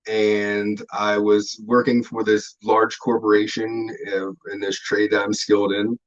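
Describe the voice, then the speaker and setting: A man as an interview guest, telling stories in a laid-back, rambling way, swearing freely and filling pauses with "um" and "like". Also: lowish voice, lo-fi sound. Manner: laid-back, profane, rambling with many fillers. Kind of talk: casual storytelling interview.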